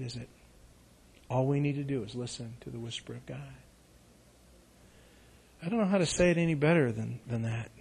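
A middle-aged man preaching a sermon, moving between loud, urgent exhortation and soft, hushed reading. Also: mid-range voice, husky. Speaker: pastor.

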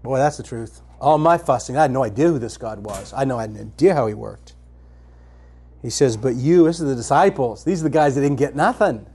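A man preaching a sermon, telling stories in a lively way and often laughing as he talks. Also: medium pitch, a little fast, a little hiss or hum. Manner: animated storytelling, often breaks into laughter.

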